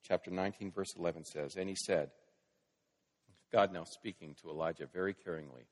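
A man preaching a sermon, dramatic, moving between hushed quiet lines and loud scripture reading. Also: deep voice, a little fast. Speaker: pastor. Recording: long reverb of a large hall.

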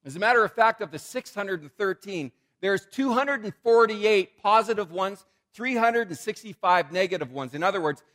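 A man preaching a sermon as a pastor, in a conversational, animated way with frequent repetitions. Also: sits high, normal speed, hardly any pauses.

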